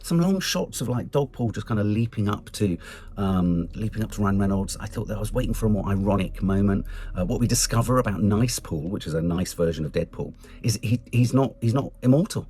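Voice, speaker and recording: English guy doing a chatty film review, low voice but swoops up high a lot. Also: a little fast, a little hiss or hum. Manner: chatty, animated, swears casually, jumps into high mock voices. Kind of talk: casual spoken film review.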